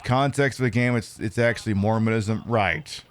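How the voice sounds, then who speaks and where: An American man with a fairly low voice talks at a normal pace while streaming a game. His casual chat rambles, with stammering and restarts.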